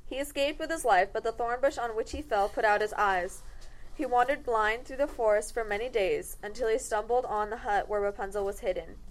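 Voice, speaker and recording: A woman's voice: fairly high pitch, brisk, low-quality recording. A woman narrating a comic fairy tale in a wry tone, correcting herself and the cast along the way.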